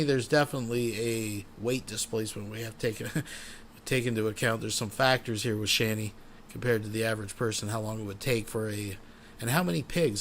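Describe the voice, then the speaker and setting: A man's voice: mid-range voice, gravelly, slight background noise. A man hosting a casual reaction commentary. He is tipsy from beer and talks in a loose, crude, rambling way. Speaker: commentary channel host.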